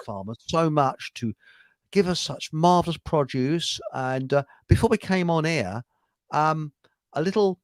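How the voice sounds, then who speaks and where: A man's voice: on the high side, no room sound. A man hosting a casual online chat show, rambling, telling jokes and laughing at them. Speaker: show host.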